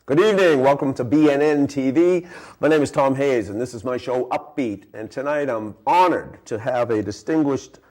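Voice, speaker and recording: A man's voice: mid-range voice, normal speed, darkish tone. A man hosting a talk show, rambling through teasing questions and repeating his words. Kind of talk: comic mock interview.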